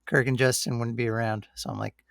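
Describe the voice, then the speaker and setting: Man, podcast co-host, casual rambling chat, gravelly, dry recording. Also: medium pitch, fairly quick, no room sound. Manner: relaxed, rambling, says "like" and "you know" a lot.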